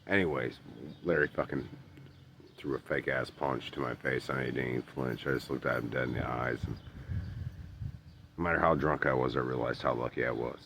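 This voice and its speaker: Man, extremely low voice, gravelly fry, rambling profane storytelling, lots of fillers and restarts. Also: fairly even intonation, fairly quick, a bit bright, a little hiss or hum. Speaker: storyteller vlogger. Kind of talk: casual personal storytelling.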